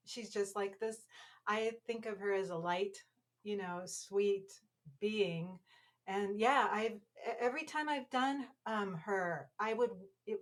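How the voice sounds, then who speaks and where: A woman who works as a Marilyn Monroe impersonator, a podcast guest who chats casually and laughs often. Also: mid-range voice. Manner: laughs often, warm and unhurried. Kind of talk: casual chat.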